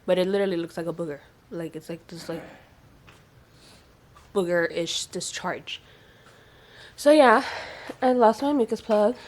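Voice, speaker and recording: Chatty young woman, lowish voice. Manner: chatty, filler-heavy, excitable. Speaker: vlogger. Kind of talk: casual pregnancy vlog.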